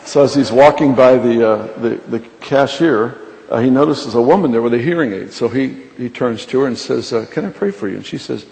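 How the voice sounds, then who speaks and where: A man preaching a sermon, telling a lively, humorous story to a congregation from a stage microphone. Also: medium pitch, moderate pace, vocal fry. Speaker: pastor. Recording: reverberant large hall with faint noise.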